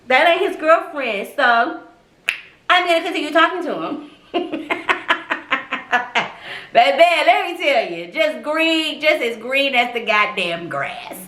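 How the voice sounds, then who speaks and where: A young woman on a live stream, telling a personal story in a profane, animated, slangy way. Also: high-pitched, slow pace, pauses often. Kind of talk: casual storytelling to a live audience. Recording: echoey room.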